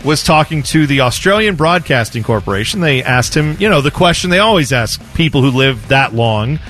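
Radio co-host, man, lively sing-song telling, jokey, faint music bed. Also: mid-range voice, a little fast. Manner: jokey, storytelling, chuckling. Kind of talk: casual radio banter.

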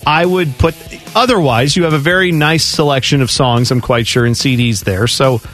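A man's voice: mid-range voice, normal speed, fairly bright tone, soft background music. A man co-hosting a sports radio show, laughing easily and talking his answers through in casual banter. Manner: laughing, hedging, talks things through.

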